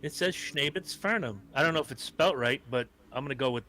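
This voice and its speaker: Jokey podcast guy, bright tense voice, faint hiss. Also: medium pitch, fairly quick. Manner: joking, goofy. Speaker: podcast co-host. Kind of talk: casual chat.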